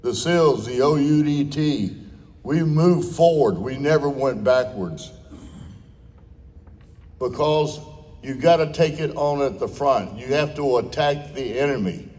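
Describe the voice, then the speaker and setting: A man's voice: medium pitch, unhurried, darkish tone. An older man giving a blunt, folksy, off-the-cuff speech at a veterans' dinner, with salty language. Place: large dinner hall. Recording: long hall reverb.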